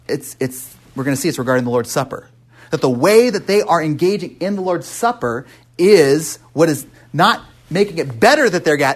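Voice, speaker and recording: A man's voice: high-pitched, lively intonation, normal speed. Conversational male preacher asking questions. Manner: conversational, asks the congregation questions; frequent restarts and "right?" tags. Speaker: pastor. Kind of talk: interactive sermon.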